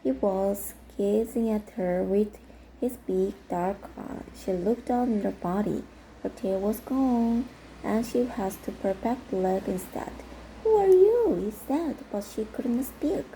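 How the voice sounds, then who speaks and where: A native Korean woman reading a children's storybook aloud in English, slowly and carefully. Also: mid-range voice, dark tone, a little hiss or hum, rough recording.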